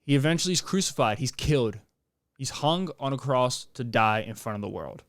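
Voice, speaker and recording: A man's voice: medium pitch, expressive, brisk, dry recording, clean studio sound. A young man hosting a podcast in a casual, rambling monologue, joking and restarting his sentences. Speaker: podcast host.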